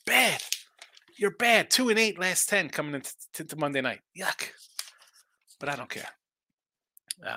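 A man's voice: mid-range voice, gravelly, pushed and bright, no room sound. A middle-aged man hosting a live sports betting show, rambling through his picks and trash-talking teams.

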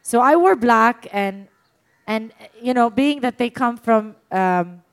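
A woman casually telling an embarrassing story in a chat, animated and laughing often as she talks. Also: on the high side, takes it slowly, smooth.

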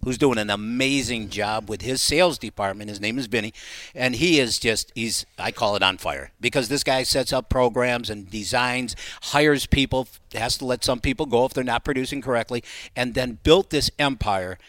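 Middle-aged man, business guest on radio talk show, keen sales pitch, mid pitch, eager bursts of speed. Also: moderate pace, a bit bright, no room sound. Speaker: awning company guest. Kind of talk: casual radio chat.

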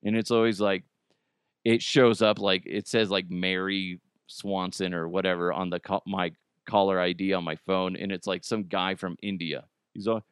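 A man's voice: fairly low pitch, normal speed, a bit bright, clean tone, no room sound, clean studio sound. A man hosting a podcast in casual comic chat, joking and slipping into silly put-on voices. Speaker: podcast host.

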